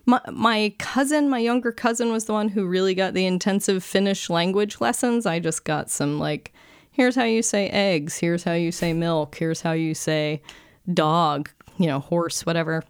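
A woman telling stories in casual chat, lively and acting out the voices she quotes. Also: fairly low pitch, normal speed, clean tone, no room sound, studio quality.

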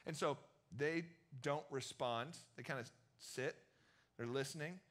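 Bright-voiced chatty young male pastor. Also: mid-range voice, a little slow. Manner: chatty, storytelling, many fillers. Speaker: youth pastor. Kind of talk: casual youth sermon. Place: church.

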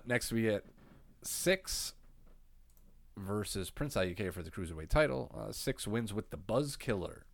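Deep-voiced laid-back man, dry close sound. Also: no echo. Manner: laid-back, swears freely, laughs often. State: getting over a cold. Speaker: podcast co-host recapping wrestling. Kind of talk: casual chat.

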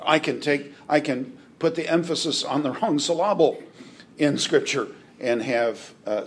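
A man teaching a Bible class in a halting way, with restarts and dry joking asides. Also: mid-range voice, slightly rough.

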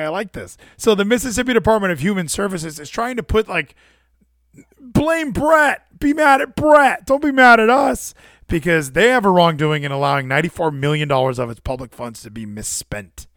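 Man, high lively voice, casual profane rant, incredulous, streamer reading news to chat, dry close sound. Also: dry recording. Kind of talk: casual ranting commentary.

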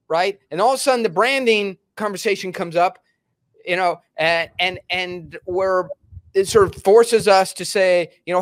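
A man's voice: sits high, normal speed. A man hosting a casual interview podcast, telling stories animatedly and acting out quotes. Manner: animated storyteller, acts out quotes. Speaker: podcast host.

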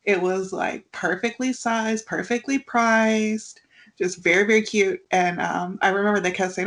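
A young woman co-hosting a podcast tells stories in casual chat, her voice medium-pitched and her pace moderate. She's an animated storyteller who acts out quotes and laughs often.

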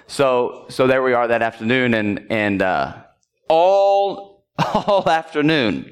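A male pastor with a smooth, expressive, mid-range voice tells a personal story during his sermon in the church sanctuary. He speaks at a normal speed in a relaxed, conversational way, frequently engaging the congregation and chuckling throughout.

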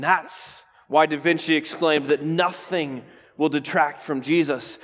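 A man preaching a sermon, pausing for effect and dropping to a near whisper on key words, often asking "right?". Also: fairly high pitch, steady tone, fairly bright tone. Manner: preaching with restarts and rhetorical "right?". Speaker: pastor. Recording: long hall reverb.

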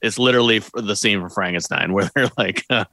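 A man with a lowish but sharp, bright voice, talking casually about a film he loves. He gushes over the scenes he enjoyed. The sound is close and dry. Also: fast, dry recording. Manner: enthusiastic, gushing about scenes. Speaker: podcast co-host.

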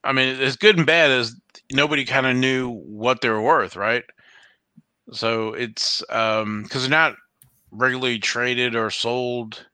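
A man with a bright, forward voice chats casually, rambling through fillers and acting out quotes. The sound is dry and close, with no room around it. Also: mid-range voice, fairly even intonation, a little slow, clear, resonant tone, no echo. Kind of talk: casual chat about trading cards.

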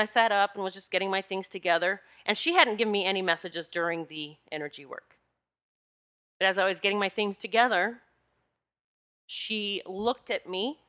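A woman with a bright, forceful voice tells a personal story in a relaxed monologue. She sounds animated and confiding and speaks straight to her listeners. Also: mid-range voice. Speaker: spiritual energy practitioner.

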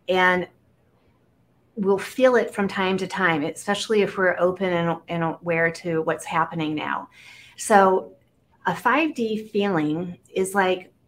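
A woman's voice: lowish voice, slight background noise. Chatty woman telling stories with fillers. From Iowa, United States. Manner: chatty, animated storytelling with many fillers. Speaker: guest. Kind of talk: casual conversational interview.

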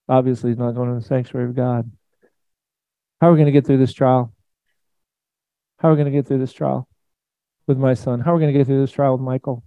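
A man preaching a sermon in a conversational, emphatic way, swinging between loud and soft. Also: mid-range voice, flat delivery, quick pace, creaky, pauses often, no echo, dull audio. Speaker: pastor.

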